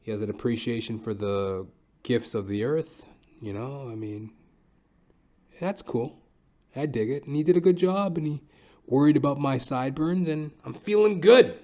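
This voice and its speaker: A man's voice: medium pitch, moderate pace, warm tone. Rambling, foul-mouthed young male podcaster. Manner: profane, rambling, full of fillers and asides. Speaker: podcast host. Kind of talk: casual comedic monologue. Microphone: podcast microphone.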